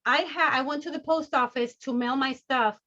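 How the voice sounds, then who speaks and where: Bubbly high-voiced woman trainer. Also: moderate pace, lo-fi sound. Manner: bubbly, excitable, always high energy. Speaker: sales trainer. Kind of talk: energetic training talk.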